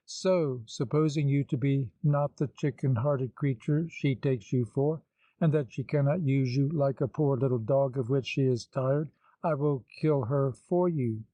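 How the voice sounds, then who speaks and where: A man voicing a towering, sinister man who mocks his friend in a slow, taunting drawl. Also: medium pitch, dark tone, no room sound, dull audio, close to an everyday voice. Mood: quiet menace. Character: towering sinister mocking man, scornful schemer.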